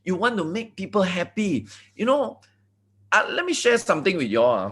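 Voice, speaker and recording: Malaysian-accented man, motivational speaker, bouncy and animated delivery. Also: high voice, normal speed. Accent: Malaysian English. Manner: animated, repeats words, many asides. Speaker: network marketing leader. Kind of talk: motivational talk on a video call.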